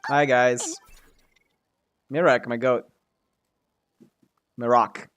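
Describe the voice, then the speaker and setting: Man, game streamer, casual rambling commentary, joking, mid pitch. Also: steady tone, extremely slow, fairly bright tone, clean tone. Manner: rambling and joking, laughs often.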